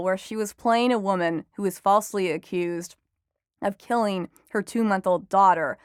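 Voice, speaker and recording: A young adult woman, a reporter guest on a podcast interview, talking in a chatty, enthusiastic way with quick asides. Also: medium pitch, clean tone, no echo, studio quality. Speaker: entertainment reporter and author guest.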